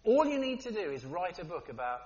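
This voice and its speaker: A man preaching a sermon in a lively, conversational way, with playful asides. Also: sits high, a little fast. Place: church hall. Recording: dull, long-reverb church hall.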